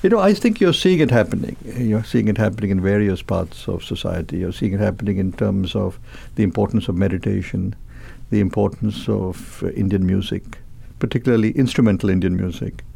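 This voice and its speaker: A man's voice: lowish voice, a little fast, creaky, mellow, breathy edge. An older man answering interview questions as a company chairman, hesitant, with many fillers and repeated words.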